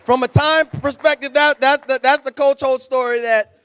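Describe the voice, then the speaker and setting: High, bright-voiced man telling a story. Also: normal speed, smooth. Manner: animated, dramatic storytelling with sound effects. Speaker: guest speaker.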